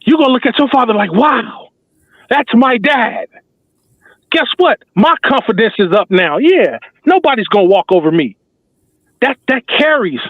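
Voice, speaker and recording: A male talk show host in full fan mode, rallying the listeners with emphatic, repetitive slang. His voice sits high for a man and comes through narrow and phone-like. The sound is dry and close, with no room around it. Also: very animated, a little fast, dry recording. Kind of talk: passionate fan commentary.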